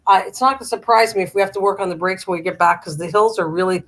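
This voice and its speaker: A woman's voice: medium pitch, very fast, poor audio. An older Canadian woman hosting a live chat, telling stories in a chatty way and laughing often. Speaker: livestream host chatting with viewers.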